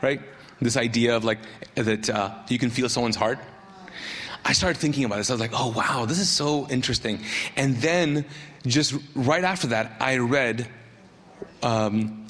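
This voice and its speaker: A middle-aged male pastor preaching a sermon, telling a story with lively asides and acted quotes. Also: medium pitch, long reverb tail, slight background noise.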